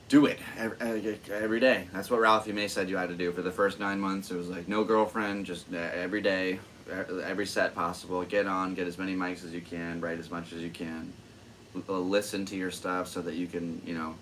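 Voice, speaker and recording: A man's voice: low-pitched, a bit bright, a little hiss or hum. Rambling, self-amused young man. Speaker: podcast host, stand-up comedian. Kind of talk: casual solo chat.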